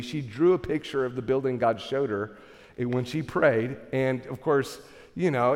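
A middle-aged man preaching a sermon, telling a story with an animated, self-deprecating manner and many restarts. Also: a little high. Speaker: pastor. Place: large church hall. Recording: reverberant church hall.

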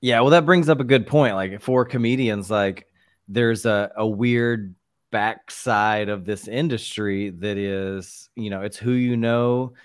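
A man's voice: on the low side, a little slow, clear, resonant tone, no echo, clean studio sound. A man co-hosting a podcast, musing in a thoughtful, searching way during casual chat. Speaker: podcast co-host.

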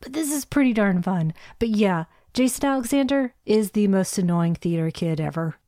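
A woman co-hosting a casual film podcast, chatty and opinionated, quick with a joke. Her voice sits in a middle pitch. The sound is dry and close, with no room echo. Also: animated, dark tone. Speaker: podcast co-host. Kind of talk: casual film review chat.

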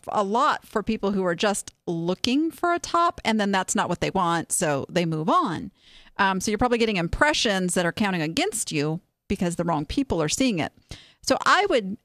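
Lively chatty woman giving frank advice. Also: mid-range voice, no room sound, studio quality. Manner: chatty, frank, animated, with many restarts. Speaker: host reviewing online listings. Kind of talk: casual live-stream advice.

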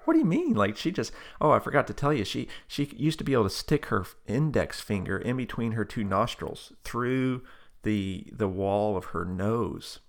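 A man telling a personal story in a relaxed conversational way, with many fillers and restarts and bursts of animated delivery. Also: fairly low pitch, normal speed, gravelly. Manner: animated, breaks into loud excited quotes.

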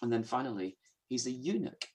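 A man preaching a sermon in an earnest, emphatic way, moving between hushed and raised delivery. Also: mid-range voice, big pitch swings, a little fast, slightly rough.

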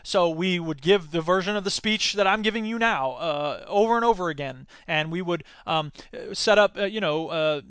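An American man in his thirties telling a story in a talk, animated, acting out quoted voices, with many fillers and restarts. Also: high voice, moderate pace, few pauses, clear, resonant tone, dry recording. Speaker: speaker giving a talk. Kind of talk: storytelling lecture.

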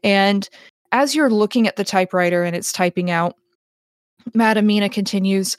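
A woman's voice: mid-range voice, normal speed, dry recording, studio quality. A woman acting as game master who narrates a tabletop game in a descriptive way, often restarting her sentences.

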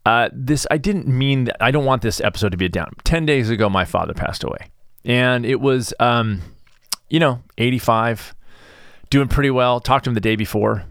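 A middle-aged man hosting his own podcast, speaking in a halting, subdued way as he reflects on grief. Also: mid-range voice, no room sound, clean studio sound. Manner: halting and searching for words, soft-spoken. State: grieving, subdued. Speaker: podcast host and stress management coach. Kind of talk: reflective solo podcast monologue.

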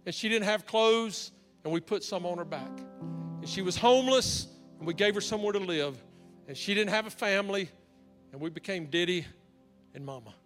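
A man preaching a sermon, an animated storyteller who acts out the dialogue. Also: high-pitched, a little fast. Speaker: pastor. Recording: reverberant hall with faint music.

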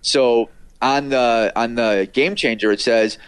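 A man's voice: medium pitch, takes it slowly, clean tone, no room sound. A middle-aged man, a radio producer, telling stories as an interview guest in a rambling way, full of fillers and acted-out quotes. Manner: rambling, filler-heavy, acts out quoted voices. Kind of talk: casual storytelling interview.

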